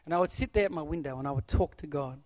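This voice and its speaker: Animated male preacher, fairly high. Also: racing, no echo. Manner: animated preaching that swings from loud exclamations to hushed near-whispers. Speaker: pastor. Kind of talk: sermon. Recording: dull, dry lo-fi sound.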